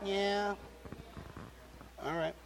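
A young man preaching a sermon to his congregation in a conversational, animated way, speaking straight to the people in front of him. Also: sits high, drawn-out words, gravelly, background noise. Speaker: pastor. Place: church sanctuary. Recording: long reverb of a large hall.

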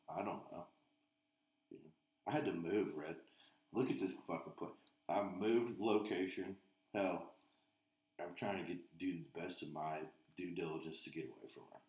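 A man's voice: sits low, a little mellow, echoey room. A man on a podcast, telling rambling stories full of swearing in casual chat. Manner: profane, rambling storyteller. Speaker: podcast co-host.

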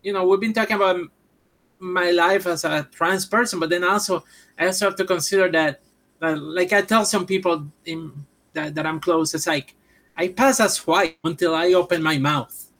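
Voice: medium pitch, normal speed. A speaker from Puerto Rico with a Puerto Rican accent, a native Spanish speaker, telling stories animatedly in a casual chat and acting out the quotes. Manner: animated storyteller, acts out quotes, restarts.

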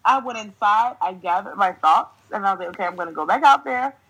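A young woman from New Jersey, a podcast host telling a story in casual chat, swearing freely and ranting in an animated way, laughing often. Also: medium pitch, fairly quick, husky, rough recording.

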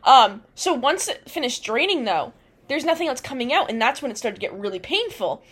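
A young woman with a slightly high voice, co-hosting a casual chat show. She tells her story in a loose, rambling way and often breaks into laughter. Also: very animated, brisk, fairly bright tone, breathy edge. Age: young adult. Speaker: podcast co-host.

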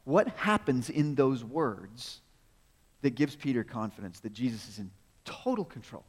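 A man's mid-range, slightly rough voice is very animated yet keeps a measured pace as he preaches a sermon like a story. Rhetorical questions and frequent chuckles fill it, and a large hall gives it long reverb.

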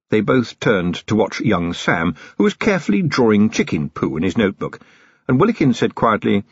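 A man narrating an audiobook in measured storytelling style, on a dull lo-fi recording. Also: lowish voice, big pitch swings, slightly rough, dry recording.

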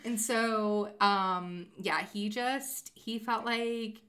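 Chatty young woman, bright voice. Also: medium pitch, very slow, clean tone. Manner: chatty, animated storytelling with many fillers. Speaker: podcast co-host. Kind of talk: casual chat about books.

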